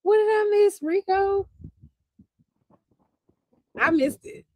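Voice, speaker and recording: Woman stream host: high-pitched, animated, profane, dry close mic. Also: slow, no echo. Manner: animated, profane, laughing, reads chat aloud. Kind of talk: casual live-stream wrestling recap.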